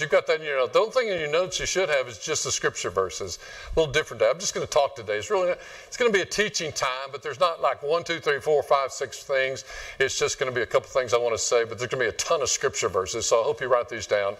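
A man's voice: medium pitch, lively intonation, quick pace, fairly bright tone, far from the mic. A man preaching a sermon to his congregation in a conversational, joking way. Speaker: pastor. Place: church sanctuary.

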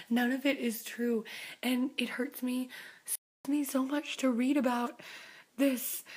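A young woman singer who has just been crying, talking earnestly to her fans, often dropping into a whisper. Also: high-pitched. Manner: earnest, breathy, drops to whispers, many "like"s. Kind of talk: emotional vlog address to fans.

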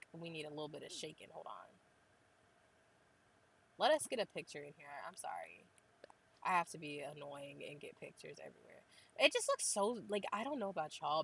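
Young woman, lowish voice, casual gaming host, gushing and chatty. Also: big pitch swings, fairly quick, vocal fry, fairly bright tone, slightly rough, poor audio. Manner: chatty, gushing, says "like" constantly. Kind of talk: casual game tour commentary.

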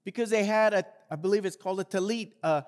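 A man delivers a sermon from the pulpit in a notably high voice. He speaks earnestly to the congregation and reads scripture aloud with rising force. The sound rings with the long reverb of a large church hall. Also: quick pace. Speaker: pastor. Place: church sanctuary.

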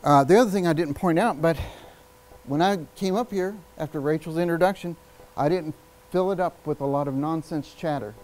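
Man, workshop presenter, slightly high voice, energetic, plays with pace and pauses, faint background noise. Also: low-quality recording. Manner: energetic, emphatic, varies speed and volume with long pauses. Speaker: public speaking workshop presenter. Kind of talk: live workshop talk. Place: workshop room with an audience.

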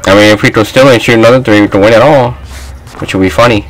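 A young man giving loose, trash-talking commentary while he plays a basketball video game, often shouting at his teammates and the game. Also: fairly low pitch, animated, fast, soft background music, low-quality recording. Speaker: gaming channel host. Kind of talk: live gameplay commentary.

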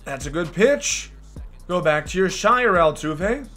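A man's voice: sits high, unhurried, soft background music. Joking man doing game commentary. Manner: joking, sarcastic, rambling asides; bursts of excited shouting at big plays. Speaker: YouTube gaming host. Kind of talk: casual gameplay commentary.

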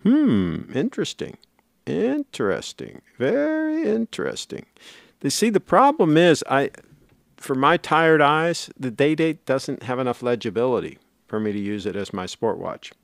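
A middle-aged man chats casually on a livestream, reading viewer comments and answering them as they come. His talk rambles and doubles back on itself, at a mid-range pitch, with a dry, close sound and no room echo. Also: moderate pace, a bit bright. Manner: rambling, chatty, self-correcting.

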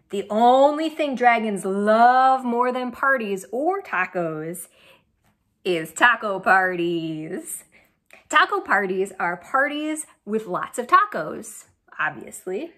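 Young woman, storybook read-aloud, bouncy sing-song pitch, slow unhurried delivery, questions to kids. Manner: animated, asks children questions. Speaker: children's storyteller. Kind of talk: reading a picture book aloud to children.

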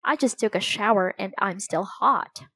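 A woman's voice: mid-range voice, moderate pace, fairly bright tone, slight background noise, natural voice. A woman voicing a playful boy who grumbles and jokes, in a children's storybook reading. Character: boy, joking and a bit whiny.

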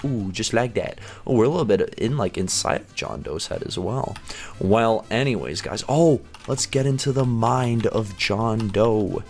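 A man giving excitable commentary over his own video game play as a gaming video host. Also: on the low side, normal speed, soft background music. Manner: animated, squeals and baby-talks at cats. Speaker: gaming YouTuber.

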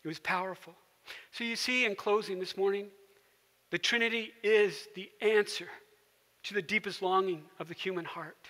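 A man preaching a sermon as pastor, telling a story and dropping to a soft hush for quiet moments. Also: high voice, long reverb tail. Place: church sanctuary.

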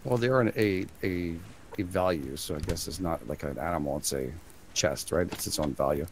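A game player with a low voice and vocal fry talks a little fast while playing a co-op survival game. He chats casually, stammers a little and laughs often, with a faint hiss or hum in the audio.

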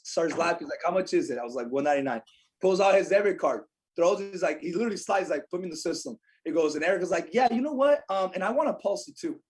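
A young adult man telling a lively story as a podcast guest, acting out what others said. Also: fairly high pitch. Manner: animated storyteller, acts out quotes. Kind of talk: storytelling in casual chat.

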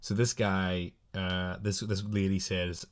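A man's voice: sits low, flat delivery, smooth. A man co-hosting a podcast, casually reading out short spooky anecdotes with playful asides. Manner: chatty, playful, quick asides. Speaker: podcast co-host.

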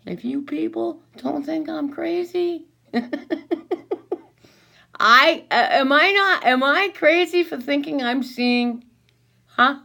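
A woman's voice: high-pitched, slow pace, creaky, pauses often, bright, forceful tone. A woman filming herself and talking to unseen doubters in an agitated, sarcastic way, dropping to whispers and then rising to angry outbursts. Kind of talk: rambling self-recorded monologue.

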